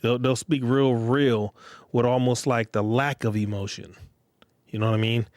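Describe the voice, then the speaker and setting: A podcast host talks to his listeners in a casual monologue, blunt and repetitive, using street slang. His medium-pitched voice is steady and darkish at a normal speed, recorded clean in a studio with no echo.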